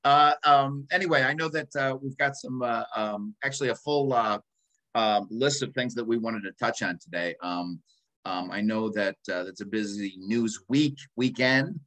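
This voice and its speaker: A man's voice: mid-range voice, normal speed, fairly bright tone, poor audio. Rambling man in his sixties. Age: 60s. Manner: rambling, many ums and uhs, self-interrupting. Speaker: podcast co-host. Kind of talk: casual chat.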